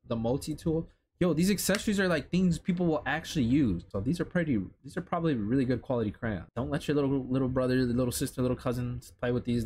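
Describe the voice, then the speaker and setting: A young man from Chicago gives an excitable, slang-heavy running commentary, cursing freely as he reacts to new clothes and accessories. His voice sits at an ordinary middle pitch, with a faint room ambience behind him. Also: a little hiss or hum. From Chicago, United States. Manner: excitable, slangy, swears casually. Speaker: streetwear vlogger. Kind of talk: casual commentary while browsing a lookbook.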